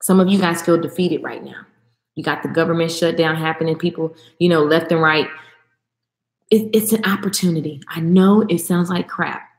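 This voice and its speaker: A woman's voice: low-pitched, normal speed, roomy sound. A woman vlogger giving a passionate, emphatic motivational talk straight to her viewers, repeating phrases for emphasis.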